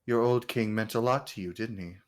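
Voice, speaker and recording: A smug usurper king, put on by a man running a tabletop game. He talks down with fake politeness and grand airs. His voice sits low and quiet. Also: brisk, lightly acted. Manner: pompous, mock-polite, lowered voice. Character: smug, pompous male usurper king, sly.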